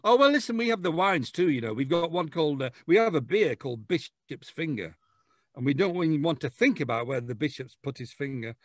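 Man, podcast guest, jokey storyteller, fairly high voice, dry sound. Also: expressive, fairly quick, no echo. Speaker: guest author. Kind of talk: casual podcast chat.

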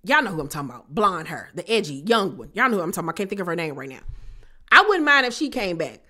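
A woman giving a casual, sassy recap of a reality TV episode, talking straight to her viewers with animated asides. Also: on the low side, fast talker.

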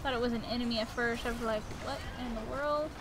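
This gaming-channel host is a woman who talks fast in a voice on the high side, with noise in the background. She gives jokey, excitable commentary as she plays and lets out a yelp whenever trouble comes.

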